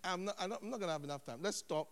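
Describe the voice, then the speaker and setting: A man preaching a sermon as a pastor, animated, dropping to hushed tones and then rising loud. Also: sits high, rapid-fire. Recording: long hall reverb.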